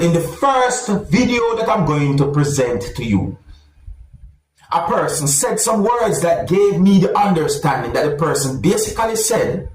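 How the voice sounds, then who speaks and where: A man, hosting a vlog and commenting on clips in a casual, animated way. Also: fairly high pitch, reverberant, recorded from a distance, slight background noise, poor audio. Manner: animated, repeats "my people". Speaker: vlog host.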